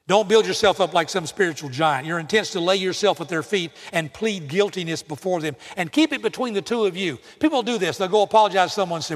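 Brief: male preacher, high pitch, emphatic sermon delivery, big echoing hall. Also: lively intonation, quick pace. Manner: direct, emphatic, acts out imagined apologies. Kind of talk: sermon to students.

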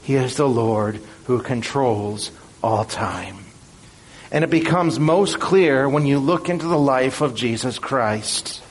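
A man preaching a sermon in an earnest, measured and emphatic way. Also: medium pitch, lively intonation.

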